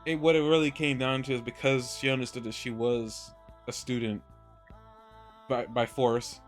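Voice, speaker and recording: A man of middle pitch talks through an anime episode in a loose, rambling way, circling back and restarting his points. Soft music sits faintly behind his voice. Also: flat delivery, normal speed. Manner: rambling, many restarts, laughs easily. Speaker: podcast co-host. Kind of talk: casual anime review chat.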